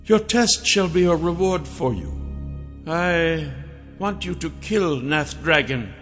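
A haughty ancient priestess queen, voiced by a male narrator, talking high and unhurried. Her words are silky and condescending, and they ring with a long reverb. Faint music plays underneath. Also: animated, a bit bright.

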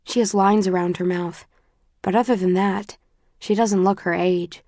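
A woman's voice: mid-range voice, fairly even intonation, normal speed, a little mellow, no echo. Woman reading an audiobook, dry and close. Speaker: audiobook narrator. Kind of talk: first-person audiobook narration.

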